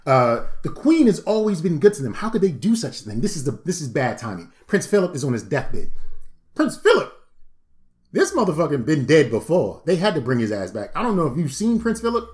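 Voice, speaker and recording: A man co-hosting a podcast in casual chat, animated, profane and joking. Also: on the high side, a little fast, few pauses. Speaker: podcast co-host.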